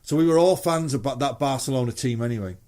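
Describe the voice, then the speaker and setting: A man's voice: medium pitch, fast talker, mellow. A middle-aged man with a Mancunian English accent, a musician guest telling anecdotes in casual chat, swearing freely and acting out quoted voices.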